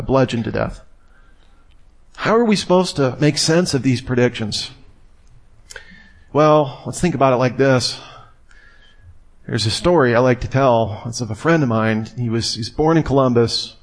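A man giving a conversational sermon to a live audience in a room, telling stories and asking rhetorical questions. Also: medium pitch. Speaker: speaker.

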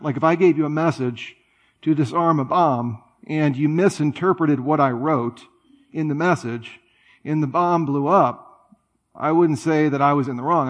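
A man preaching a sermon in a conversational way, with playful, animated asides. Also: fairly high pitch, muffled recording. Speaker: pastor.

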